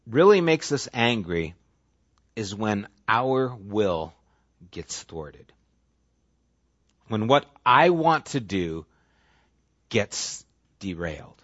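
A man's voice: mid-range voice, no room sound. A man preaching a sermon in an easy, talky way. He slips into little acted-out voices for the people he quotes. The sound is dry and a bit dull, like a lo-fi recording. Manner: conversational, animated, acts out quoted voices. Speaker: pastor.

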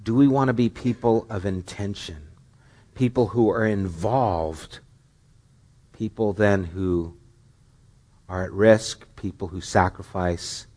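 A man's voice: on the low side, slow, long pauses, darkish tone. A middle-aged man preaching a sermon as pastor, earnest and questioning, with rising emphatic stretches.

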